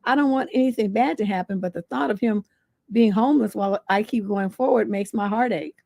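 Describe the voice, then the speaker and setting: A woman's voice: mid-range voice, brisk, vocal fry, darkish tone, no room sound. A woman hosting a livestream as a relationship coach. She talks in a blunt, sassy way and swears freely. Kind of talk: livestream advice show.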